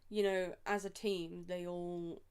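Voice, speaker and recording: A woman co-hosting a podcast, chatting in an easygoing way, laughing often and trailing off softly. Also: on the low side, level tone, slow, clean tone. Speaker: podcast co-host. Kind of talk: casual chat about a TV show.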